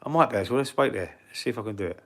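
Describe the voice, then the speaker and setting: A man from England with a London Cockney accent runs a casual football live stream, answering the chat bluntly and swearing freely. His voice is medium in pitch, a bit bright, and he talks at a racing speed.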